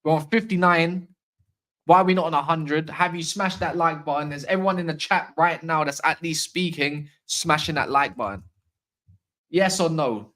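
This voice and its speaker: A man's voice: fairly high pitch, moderate pace. A man hosting a casual football livestream, ranting with strong opinions and slangy asides while answering chat comments. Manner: opinionated, animated, slangy football-fan rant. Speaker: fan channel livestream host.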